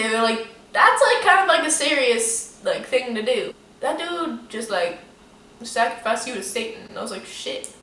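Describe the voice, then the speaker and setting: A young woman telling a story to camera in a casual, animated way, swearing freely and saying "like" a lot. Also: on the high side, slight background noise. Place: room in front of a window. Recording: echoey room, mic a bit distant.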